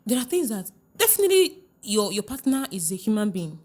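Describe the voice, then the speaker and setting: A middle-aged Nigerian woman, a relationship coach being interviewed on a podcast, talking in a lively way, often laughing and asking whether the listener understands. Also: mid-range voice, a little fast.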